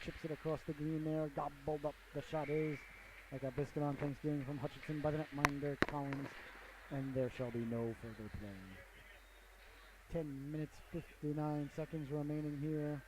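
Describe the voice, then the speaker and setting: A man doing play-by-play for a hockey game, with folksy jokes and frequent asides to the audience. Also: fairly high pitch. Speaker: play-by-play commentator. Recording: noisy amateur broadcast audio.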